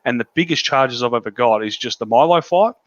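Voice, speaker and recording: A man's voice: medium pitch, lively intonation, brisk, no room sound, highs cut off. A young Australian man from Melbourne's northern suburbs, chatting bluntly and swearing often over a video call. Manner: blunt and sweary, laughs at his own story. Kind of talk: casual chat.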